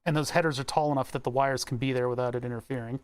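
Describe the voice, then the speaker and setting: Rapid-fire yet steady, his medium-pitched voice is clear and resonant. The young electronics hobbyist from Pennsylvania's Delaware County area talks casually to himself during a build, rambling and having fun with words.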